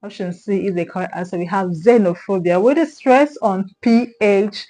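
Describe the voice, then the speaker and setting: A woman's voice: medium pitch, moderate pace, warm tone, low-quality recording. A woman with a Nigerian accent teaching an exam-prep English lesson, repeating key points and checking in with the viewer. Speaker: English tutor.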